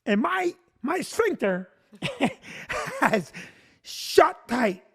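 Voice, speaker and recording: A male comedian telling a long comic story, animated and breaking into shouted punchlines. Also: extremely high pitch, drawn-out words, gravelly.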